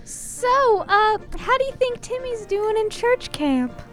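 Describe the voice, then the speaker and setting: A prim, indignant wife, with a very high, piercing voice. She bursts out in huffy, shrill complaints in a comedy audio sketch. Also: expressive, takes it slowly, fairly bright tone, soft background music, full character voice. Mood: probing.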